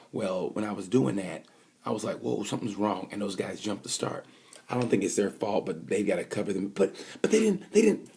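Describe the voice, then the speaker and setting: Low husky man rambling about racing. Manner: rambling, animated, acts out quoted voices. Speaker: motorcycle racing fan commentator. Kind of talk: casual opinion vlog.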